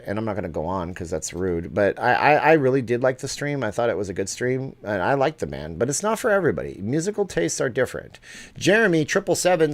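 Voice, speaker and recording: A man's voice: lowish voice, animated, a little fast. A middle-aged man hosting a casual live stream, reading out viewer questions from the chat and answering them offhand.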